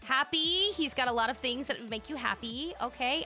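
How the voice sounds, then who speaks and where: A woman streamer commenting excitedly on a game, gushing and thinking aloud as she tours player-made spaces. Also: high-pitched, moderate pace, hardly any pauses, soft background music.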